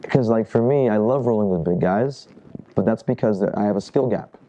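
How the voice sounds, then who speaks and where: A man's voice: lowish voice, moderate pace, mellow, a little hiss or hum, rough recording. A man teaching a jiu-jitsu workshop in casual talk, restarting phrases and asking the group questions. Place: training room at a camp.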